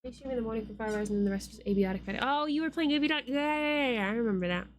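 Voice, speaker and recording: A woman's voice: on the high side, racing. A woman streamer chatting playfully with her viewers while she draws, swearing casually.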